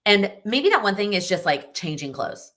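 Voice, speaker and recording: A woman's voice: medium pitch, big pitch swings, moderate pace, a bit bright. A young woman hosting a live Q&A, chatting casually and giving encouraging advice, often restarting her sentences. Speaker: host answering viewer questions.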